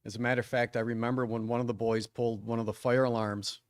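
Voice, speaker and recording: A man's voice: mid-range voice, level tone, fast, dry recording, studio quality. A man in his fifties, a longtime teacher and coach, giving a joking, self-deprecating acceptance speech at a school ceremony, with plenty of ums and restarts.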